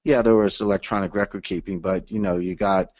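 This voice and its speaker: A man speaking as a guest author on a webinar, explaining at length in a measured way with frequent "uh" fillers. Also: deep voice, fairly even intonation, dry recording, lo-fi sound. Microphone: call or webinar audio line.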